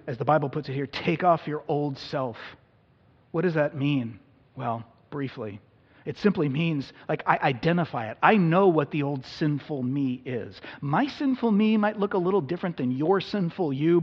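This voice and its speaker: A man's voice: fairly high pitch, husky. A man preaching an Easter sermon as a pastor, conversational and self-deprecating with humor. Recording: dull audio in a reverberant hall.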